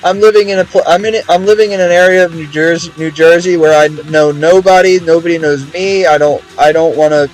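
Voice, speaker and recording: A man's voice: a little high, fairly even intonation, a little fast, few pauses, faint music behind, low-quality recording. A young man streaming a game, chatting casually in a rambling, profane way with many restarts. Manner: rambling, profane, repeats words.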